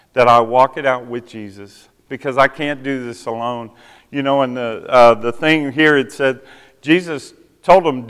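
Recorded with the lengthy reverb of a church sanctuary, a man gives a sermon testimony, recounting a personal story and performing the voices of people he quotes. He speaks at medium pitch with a clean, slightly bright tone.

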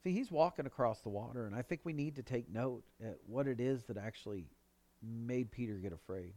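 A man delivers a sermon at a mid-range pitch, earnest and steady. He lifts his voice to drive points home, then sinks low and quiet when quoting words. The sound is dry and close, with little room around it. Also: a little fast, no echo. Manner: earnest preaching, rising for emphasis and dropping low on quoted words. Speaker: pastor.

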